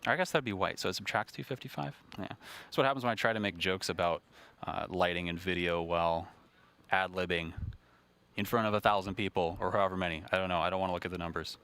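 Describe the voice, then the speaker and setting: A man's voice: sits low, fairly even intonation, fast talker, fairly bright tone, clean tone. A man hosting a live broadcast, ad-libbing in a chatty, self-deprecating way with frequent restarts. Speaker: livestream host.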